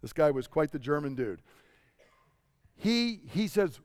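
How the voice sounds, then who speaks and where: A man preaching a relaxed, dry sermon. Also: on the high side, measured pace, no echo. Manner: conversational storytelling with rhetorical questions to the congregation. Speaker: pastor.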